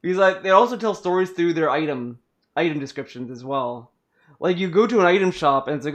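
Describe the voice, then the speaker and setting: A man's voice: fairly high pitch, animated, brisk, a bit bright. A man hosting a casual podcast, chatting about games in a rambling way full of fillers and restarts. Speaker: podcast host.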